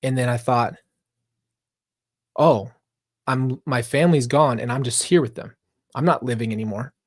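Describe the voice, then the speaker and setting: This reaction channel host is an earnest man addressing viewers head-on during a live stream, often slipping into long, thoughtful digressions. He speaks at a moderate pace in an average male register, and the close, dry recording has no echo.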